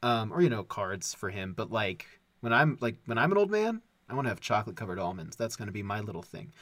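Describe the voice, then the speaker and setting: A man's voice: lowish voice, sing-song, quick pace, a bit bright, dry recording. Wry, teasing podcast co-host man. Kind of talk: casual podcast chat.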